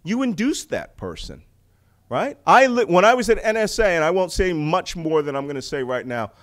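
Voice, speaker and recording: Middle-aged American man, speaker at a public talk, higher pitch for a man, very lively, punchy rhetorical delivery. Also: normal speed. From United States. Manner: animated, rhetorical questions, laughs at own jokes. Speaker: speaker on intelligence.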